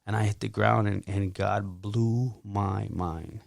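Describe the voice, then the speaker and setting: Guest: gravelly man, mid pitch, dry close sound, animated testimony. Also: slow, no echo. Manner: animated, acts out his own quotes loudly. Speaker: podcast guest. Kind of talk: casual testimony.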